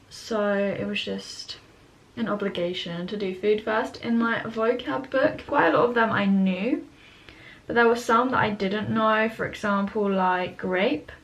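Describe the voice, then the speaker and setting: A woman's voice: fairly high pitch, fairly bright tone, poor audio. Chatty young woman vlogging. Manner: chatty, self-correcting, sounds out German words. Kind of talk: casual study vlog narration. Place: home bedroom, indoors.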